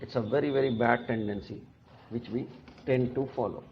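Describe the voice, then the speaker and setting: A man teaching a pronunciation lesson to students, speaking slowly and often checking in with "right?". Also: mid-range voice, steady tone, muffled recording, slight background noise. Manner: slow and deliberate, checks in with "right?". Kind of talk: classroom lecture on pronunciation.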